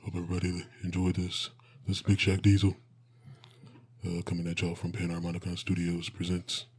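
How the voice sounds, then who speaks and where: A laid-back, boastful celebrity athlete, as a podcast co-host puts him on. The voice sits very low and barely moves in pitch, with a husky grain. It is a comedic impression in casual podcast chat. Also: male voice, monotone, a little fast, darkish tone.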